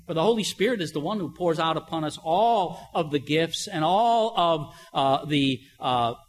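With lively intonation and a moderate pace, an older man gives a conversational sermon as pastor, weaving in everyday anecdotes and rhetorical questions. His voice sits a little high.

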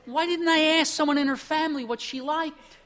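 Middle-aged guy pastor preaching, chatty and storytelling, bright ringing voice. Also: extremely high pitch, a little fast. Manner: storytelling, conversational, with chuckles. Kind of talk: sermon.

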